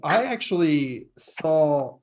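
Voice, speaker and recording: Excitable young man telling a story. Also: a little high, slow pace, slight background noise. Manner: excitable storyteller, laughs often. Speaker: podcast co-host. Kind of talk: casual chat.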